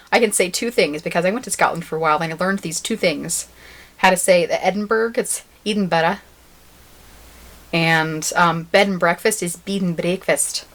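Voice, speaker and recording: A woman's voice: lowish voice, fairly bright tone. Chatty woman podcast co-host. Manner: chatty, laughs often, reads facts she looked up. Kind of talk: casual chat.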